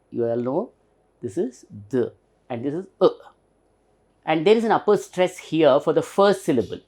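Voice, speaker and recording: A man's voice: a little high, very animated, moderate pace. A man with an Indian English accent teaching pronunciation, patiently spelling words letter by letter and repeating them for emphasis. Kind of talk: recorded pronunciation lesson.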